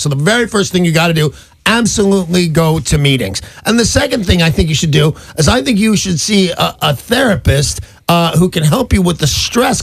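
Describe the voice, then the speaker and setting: Blunt radio host man, gravelly, dry. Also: a little high, no room sound. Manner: frank, blunt, calls the caller buddy. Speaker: radio host giving advice. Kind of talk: call-in radio advice. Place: radio studio. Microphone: studio microphone.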